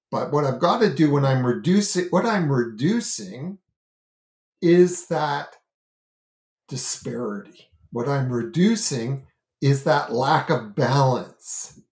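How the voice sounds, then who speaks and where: This parenting and self-regulation educator's voice is on the high side, animated yet slow and a little mellow, and it echoes around the room. Appearing on a talk show, he earnestly explains self-regulation while thinking aloud. He uses lots of fillers and restarts and gestures with his hands.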